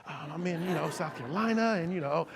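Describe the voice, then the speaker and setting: Guy with a high voice and lots of vocal fry giving a motivational speech, tells stories, repeats himself, gets loud then drops quiet, talks right to the crowd. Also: quick pace. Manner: animated storytelling with many repeats and restarts; swings between loud emphatic bursts and quiet asides. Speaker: motivational leadership speaker. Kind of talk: live motivational talk to an audience.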